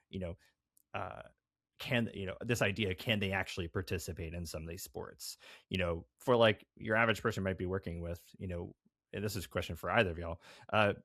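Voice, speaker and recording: Male host, very deep voice, dry close audio, loose filler-heavy questions. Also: vocal fry, fairly bright tone, no echo. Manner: hedging, heavy filler words. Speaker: podcast host. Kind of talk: casual interview chat.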